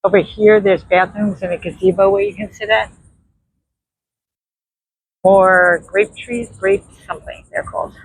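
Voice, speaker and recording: A woman's voice: medium pitch, measured pace, pauses often, breathy edge, poor audio. A woman with a New York accent, chatting casually to her viewers as she films a walk along a windy beach on a handheld phone. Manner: chatty, addresses viewers as friends. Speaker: vlogger. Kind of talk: casual walking vlog narration. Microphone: handheld phone camera. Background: faint surf and wind.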